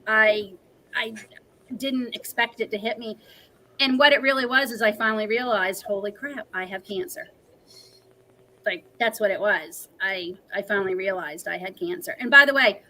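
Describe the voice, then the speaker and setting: A woman's voice: a little high, normal speed, sharp tone, poor audio. A woman in her forties, a livestream guest, telling a personal story in an earnest, emotional, talkative way.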